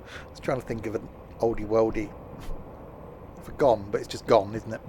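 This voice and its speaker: A man's voice: fairly low pitch, fairly even intonation, normal speed, pauses often, darkish tone, a little hiss or hum. A man giving casual, jokey gameplay commentary while streaming, rambling and trailing off mid-sentence. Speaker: game streamer.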